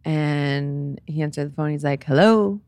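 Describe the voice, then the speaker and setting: A woman's voice: low voice, fairly even intonation, normal speed, vocal fry, no room sound. A young woman co-hosting a casual chat, telling a candid personal story and swearing freely.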